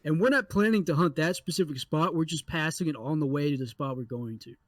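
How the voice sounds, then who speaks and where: A young adult man co-hosting a podcast, telling a story in a casual, animated way with lots of swearing. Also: fairly high pitch, quick pace, dry recording. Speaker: podcast co-host.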